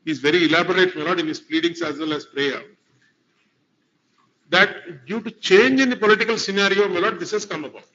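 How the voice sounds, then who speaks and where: His voice is high-pitched, pushed and bright, and he talks a little fast. As an advocate before the court, he argues formally and deferentially, constantly addressing the bench with frequent "my lord"s. The courtroom recording sounds dull and lo-fi.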